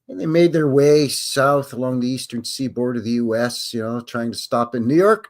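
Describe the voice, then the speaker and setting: A man's voice: mid-range voice, moderate pace, hardly any pauses. A middle-aged man, hosting a live stream and reading viewer questions in a chatty, jokey, rambling way. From Canada. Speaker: host.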